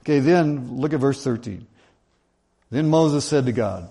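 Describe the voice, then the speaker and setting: Middle-aged guy preaching, reads a verse then explains it like he's just chatting, normal pitch. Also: animated, unhurried, long pauses, dark tone, slightly rough. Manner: reads scripture aloud then explains it conversationally. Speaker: pastor. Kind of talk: sermon.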